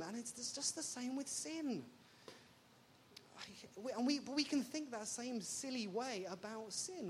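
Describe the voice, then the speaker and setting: A woman from England, preaching a sermon in an animated, jokey way full of rhetorical questions. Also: a little high, moderate pace, slight background noise.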